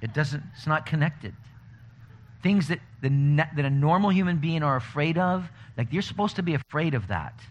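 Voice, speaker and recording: A man preaching a conversational sermon, telling stories in an animated way. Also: fairly high pitch, moderate pace. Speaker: pastor. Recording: dull lo-fi recording with faint noise.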